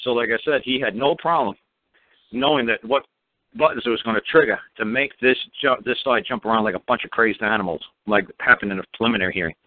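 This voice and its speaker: A man's voice: mid-range voice, fast, no echo. Man, call-in guest, blunt, profane, commanding, tinny dry phone line. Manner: emphatic, commanding. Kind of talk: casual call-in radio talk.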